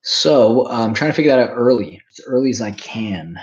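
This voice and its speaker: A man's voice: mid-range voice, expressive, fairly quick, dull audio. A man in his twenties, rambling and swearing casually while reacting to chat on a livestream. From Canada. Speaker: streamer.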